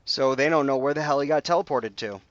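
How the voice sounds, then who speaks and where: Rambling man recapping comics, smooth voice. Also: medium pitch, quick pace, a bit bright, muffled recording. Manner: rambling storyteller, loose quoted voices. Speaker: podcast co-host. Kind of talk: casual comic recap chat.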